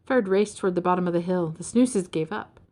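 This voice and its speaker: A woman reading a children's storybook aloud in an expressive, dramatic storytelling manner. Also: lowish voice, fairly quick. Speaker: storybook reader.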